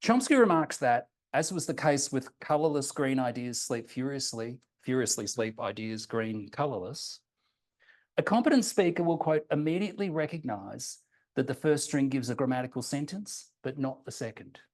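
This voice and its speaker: A man presenting a prepared academic seminar paper, reading it in a measured way and slowing down deliberately for quoted examples. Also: medium pitch, expressive, a little mellow. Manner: measured, reads quotations slowly and deliberately.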